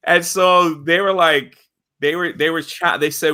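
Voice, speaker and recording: American man, bright, forward tone, rambling anecdotes on a stream. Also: on the high side, slow pace. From United States. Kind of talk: casual storytelling.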